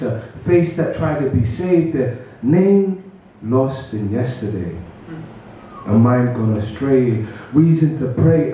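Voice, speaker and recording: Man reciting poetry slowly in an echoey room. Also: mid-range voice, slight background noise. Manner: rhythmic, measured delivery with casual asides. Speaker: spoken word poet. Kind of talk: spoken word poetry performance. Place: open mic event venue. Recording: echoey room, distant and muffled.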